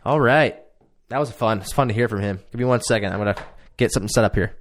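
A man's voice: lowish voice, quick pace. A man hosting a podcast, talking in a laid-back, earnest way and often repeating words. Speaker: podcast host. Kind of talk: casual chat.

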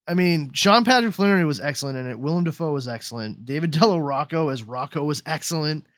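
Man podcast host, slightly high voice, rambling casual chat, swears a lot, dry close mic. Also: expressive, fast, fairly bright tone, dry recording. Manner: rambling, profane, trails off mid-sentence.

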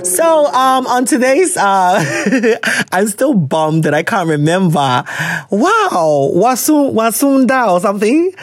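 A man's voice: sits high, sing-song, slow pace, no room sound, studio quality, faint music behind. A man hosting a podcast, chatting casually and reading listener letters aloud, laughing often and slipping into slang. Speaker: podcast host.

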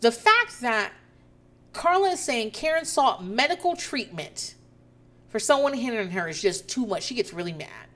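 Animated woman recapping with lively pitch. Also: normal speed. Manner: profane, incredulous, animated storytelling. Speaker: reality TV recap host. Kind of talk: casual recap commentary.

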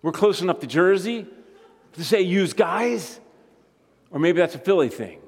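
A man preaching as a guest speaker, moving between quiet conversational asides and emphatic rising points. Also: fairly high pitch, expressive, brisk. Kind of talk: sermon. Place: church sanctuary. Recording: long hall reverb.

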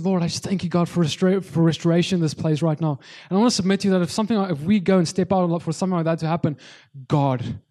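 Earnest man preaching, mellow voice. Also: high-pitched. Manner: earnest, conversational, many restarts. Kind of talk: sermon.

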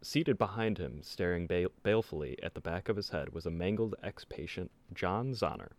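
A man tells a history story on a casual podcast, reading quotes with animated storytelling. His pitch swoops and bounces all over. The sound is dry and close, with no room around it. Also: moderate pace, dry recording. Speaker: podcast host.

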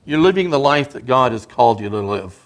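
A man delivering a sermon as a guest preacher. His voice sits at an ordinary middle pitch, and he talks to the congregation in an earnest, conversational way. His emphasis builds as he goes. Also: expressive, a little fast.

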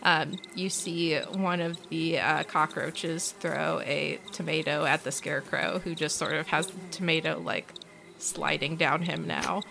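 A woman's voice: low-pitched, steady tone, unhurried, creaky, pushed and bright, a little hiss or hum. A woman narrating as game master of a tabletop game, casual and full of fillers.

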